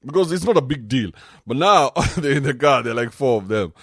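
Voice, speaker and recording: A man hosting a podcast, talking in a casual, joking rant with an animated manner. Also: medium pitch, brisk, no room sound, studio quality. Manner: animated, joking, swings into mocking put-on voices. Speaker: podcast host.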